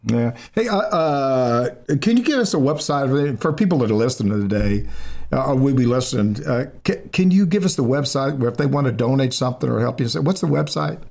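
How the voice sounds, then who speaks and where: An older man hosting an interview in a folksy, halting way, often repeating words. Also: mid-range voice, lively intonation, vocal fry, a little mellow. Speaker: interview host. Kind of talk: conversational interview.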